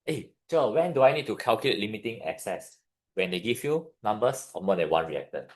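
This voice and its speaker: A man's voice: lowish voice, big pitch swings. A man with a Singaporean English accent, teaching a chemistry revision class and questioning his students as he goes. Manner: questions the class, pausing for answers. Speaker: chemistry tutor.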